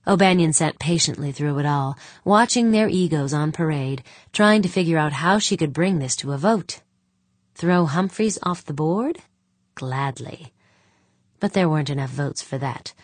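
A woman narrating an audiobook in an even, measured way. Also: low voice, no echo. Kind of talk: scripted narration.

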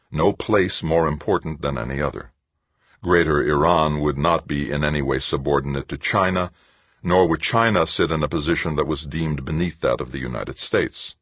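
A man narrating an audiobook in a steady, measured reading. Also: extremely low pitch, slightly rough, no echo. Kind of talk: scripted narration.

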